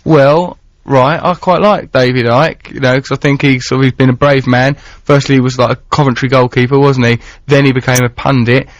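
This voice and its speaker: A man's voice: mid-range voice, fairly even intonation, brisk, hardly any pauses, dry recording. A man hosting a radio show, rambling playfully in casual chat and reading out listener texts. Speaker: radio host. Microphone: studio microphone. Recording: dull lo-fi radio broadcast.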